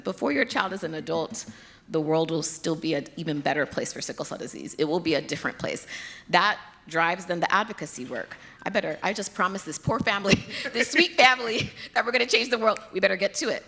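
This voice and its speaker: A Nigerian-accented woman answers audience questions on a conference stage. Her fairly low voice carries a gravelly edge. It rings out with a long reverb through the hall. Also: a bit bright. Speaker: pediatric hematologist speaker.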